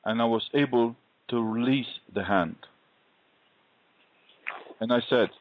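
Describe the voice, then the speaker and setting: A man sharing a faith testimony in an interview, telling his story earnestly and deliberately. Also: mid-range voice, no echo. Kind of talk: conversational interview, personal testimony. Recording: dull lo-fi recording.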